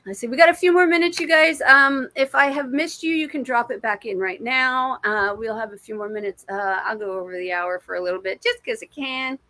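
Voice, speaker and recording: A woman's voice: fairly high pitch, normal speed, hardly any pauses, bright, forceful tone. Sweary, upbeat woman giving psychic readings. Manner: casual, encouraging, sweary, calls viewers babe and my friend. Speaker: intuitive reader. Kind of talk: live-stream psychic reading.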